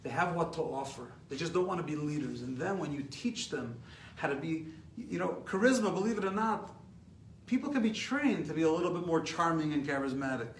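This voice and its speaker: A man with an American accent, a rabbi giving a lively class and taking questions, animated and repeating words as he gets going. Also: on the high side, fairly quick. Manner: animated, repeats words when excited, laughs at his own stories. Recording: echoey room, mic at a distance, faint hiss.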